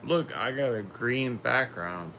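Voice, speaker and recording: A man hosting a casual livestream, chatting to viewers and reading their comments while a little sick, talking in a slow, rambling way and trailing off. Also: medium pitch, animated, sharp tone, slight background noise. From Philadelphia. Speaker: livestream host.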